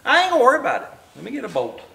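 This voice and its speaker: A man's voice: extremely high pitch, huge pitch swings, racing, vocal fry, bright, forceful tone, slightly rough. A man hosting a casual garage vlog, rambling in a folksy, self-deprecating way and a little out of breath. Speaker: garage channel host. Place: home garage.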